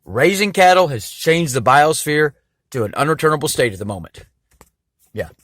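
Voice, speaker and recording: A man's voice: fairly high pitch, lively intonation, normal speed, a bit bright, dry recording. A man talking straight to camera in a rambling monologue, full of fillers and restarts.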